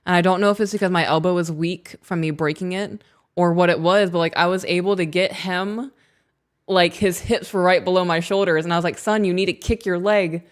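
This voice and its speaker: A woman co-hosting a podcast, chatting casually and telling family stories in an animated way. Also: fairly low pitch, a little fast. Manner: chatty storyteller, animated retelling. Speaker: podcast co-host. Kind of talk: casual chat.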